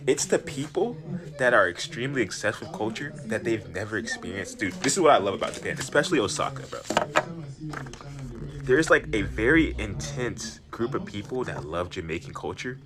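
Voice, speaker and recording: A man giving casual vlog commentary in an excitable way, repeating words and saying bro. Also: fairly low pitch, brisk, a crowd in the background.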